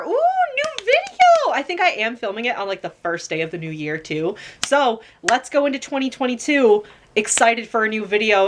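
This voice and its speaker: A young woman talks through a holiday haul in a casual, rambling way, peppering her speech with fillers and the odd swear word. She speaks from her room at home into a camera mic, at an everyday mid-range pitch. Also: fairly bright tone, slight background noise. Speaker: vlogger.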